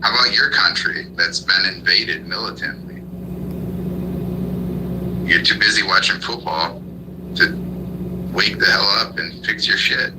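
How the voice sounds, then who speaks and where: A man's voice: low voice, measured pace, pauses often, background noise. A man from the United States hosting a live audio room, ranting angrily and full of profanity, firing off repeated commands and questions. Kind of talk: heated political rant.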